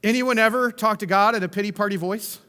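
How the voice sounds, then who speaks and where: A man's voice: high-pitched, fast talker, sharp tone, smooth, big-room sound. A man preaching a sermon in a conversational way, often checking in with the listeners. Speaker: pastor.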